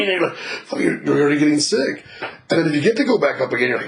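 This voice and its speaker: Guy doing a casual spiritual reading, gravelly voice, swears a lot, laughs a bunch. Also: fairly high pitch, sing-song, quick pace, background noise. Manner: blunt, swears freely, laughs, acts out quotes. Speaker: spiritual reader.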